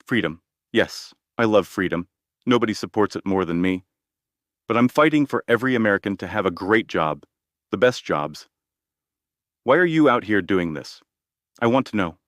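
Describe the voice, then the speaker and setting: A man's voice: lowish voice, lively intonation, moderate pace, pauses often, a bit bright, dry recording, studio quality. A man reading the lines of a blunt, boastful older male president, in a direct manner full of superlatives. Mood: insistent.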